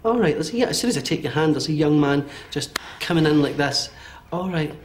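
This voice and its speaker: A Scottish man in his forties giving a medium's reading, talking in a quick, animated way with many fillers and checks. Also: fairly high pitch, slight background noise. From Scotland. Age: 40s. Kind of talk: live one-to-one reading before an audience.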